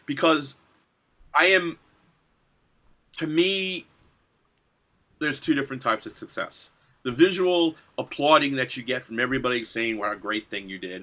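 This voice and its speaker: A middle-aged man talking eagerly and animatedly as a guest in a casual interview about his film and design work. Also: medium pitch. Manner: enthusiastic and animated, laughs easily. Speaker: guest, filmmaker and graphic designer.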